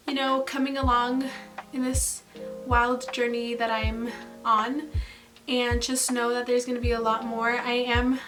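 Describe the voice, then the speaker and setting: A chatty young woman with a high, bright-sounding voice talks straight to her viewers, gushing and full of little laughs. She sounds a bit set back from the mic, with music playing underneath. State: pregnant, tired. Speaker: vlogger. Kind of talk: casual chat to camera. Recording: mic at a distance, music behind. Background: background music.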